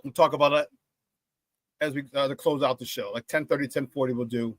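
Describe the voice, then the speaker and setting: A man's voice: mid-range voice, a little fast, no room sound. A man hosting a casual sports talk show, reading the live chat aloud and repeating himself as he talks. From Chicago area. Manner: animated, repeats himself, laughs often. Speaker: sports talk radio host.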